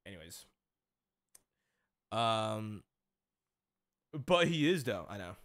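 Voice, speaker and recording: A man's voice: fairly low pitch, sing-song, slow, fairly bright tone. A young man streaming, chatting casually with slangy banter and telling a funny story about his dad. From Mexican-American family. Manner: laid-back slangy banter, laughs at his own stories.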